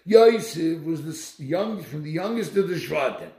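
A man giving a Torah lecture, telling stories in an animated, emphatic way, recorded in an echoey room. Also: a little high, moderate pace. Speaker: Torah teacher.

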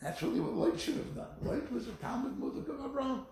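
A man's voice: very high voice, fast, creaky, roomy sound. A man giving a sermon, telling stories and acting out the quotes. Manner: animated storytelling with acted quotes. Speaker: rabbi.

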